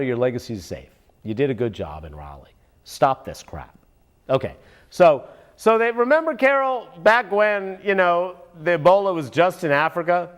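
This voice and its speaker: Animated, sarcastic man ranting. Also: a little high, smooth. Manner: animated, sarcastic, keeps addressing an unseen listener. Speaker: political commentary vlogger. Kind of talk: ranting commentary.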